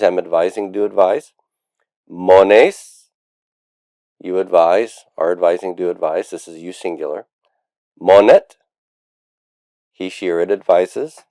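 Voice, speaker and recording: A man's voice: low voice, dark tone, no echo. A man teaching a recorded Latin grammar lesson, explaining patiently step by step with frequent "uh"s and drilling forms aloud. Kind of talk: recorded lecture.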